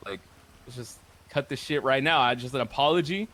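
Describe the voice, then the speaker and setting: A male roleplay streamer, brisk and fairly bright-toned at medium pitch, tells a casual story about roleplay game events. His account wanders, swears freely, and leans hard on filler words.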